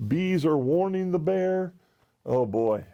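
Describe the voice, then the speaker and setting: Male storyteller, read-aloud for kids, high voice, very lively delivery. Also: slow, vocal fry, lo-fi sound. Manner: pointing out the pictures. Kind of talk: reading a picture book aloud to children.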